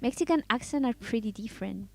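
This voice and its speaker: A woman's voice: a little high, lively intonation, fast, gravelly. A woman whose first language is Spanish, chatting casually with viewers while she draws on a live stream, rambling and giggling. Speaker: artist streaming a drawing session.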